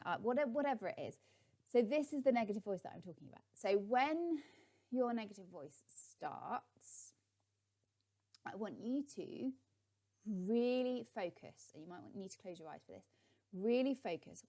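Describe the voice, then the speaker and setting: A woman's voice: medium pitch, lively intonation, normal speed, warm tone. A middle-aged woman, a life coach, giving a guided visualisation tip in a chatty, encouraging way with many ums.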